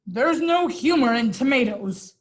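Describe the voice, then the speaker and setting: A woman reading aloud, voicing a serious, humorless male farmer in a storybook with flat, solemn lines. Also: fairly high pitch, unhurried. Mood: stern.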